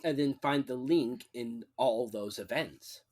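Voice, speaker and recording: A man's voice: medium pitch, slow pace, darkish tone. Laid-back, playful man co-host. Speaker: podcast co-host. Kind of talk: casual chat.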